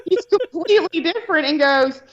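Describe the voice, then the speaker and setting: A woman's voice: extremely high pitch, expressive, a little fast. Woman, casual chat, profane, rambling, muffled lo-fi audio. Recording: dull lo-fi line.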